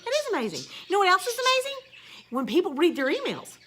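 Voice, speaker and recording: High, lively sarcastic woman. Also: fast talker, a little hiss or hum. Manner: sarcastic, blunt, swears. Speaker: teacher. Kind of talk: casual ranting vlog.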